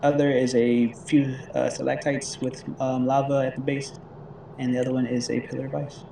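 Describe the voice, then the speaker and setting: A man running a tabletop game as game master, narrating haltingly with many fillers and frequent laughs. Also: medium pitch, flat delivery, gravelly, echoey room, far from the mic, background noise.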